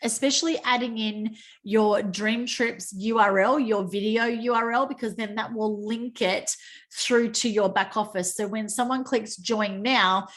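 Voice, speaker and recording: An Australian woman hosting a team training call, chatty and quick to joke at her own typing slips. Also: a little high, fairly even intonation. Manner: chatty, self-mocking, exclaims over slips. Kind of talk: screen-share training call. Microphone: video call.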